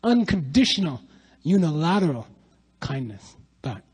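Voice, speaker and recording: Animated high-voiced man teaching. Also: unhurried, husky, poor audio. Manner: animated, rhetorical questions, storytelling. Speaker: spiritual teacher. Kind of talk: lively dharma talk to an audience.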